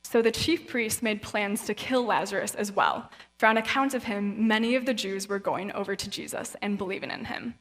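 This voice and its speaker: A woman's voice: mid-range voice, moderate pace, few pauses, a bit bright. A woman guest speaker giving a conversational sermon with Bible readings, chatty and casual, now and then acting out the voices of people in the story. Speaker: guest speaker at a young adult event. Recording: reverberant hall sound.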